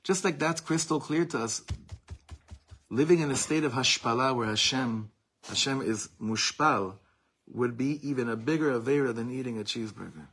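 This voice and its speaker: A husky-voiced man leads a religious class in a mid-range voice. He reads a Hebrew source aloud, then explains it in English with passion and repeats his key words for emphasis. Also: medium pitch, normal speed, a bit bright. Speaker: Torah teacher.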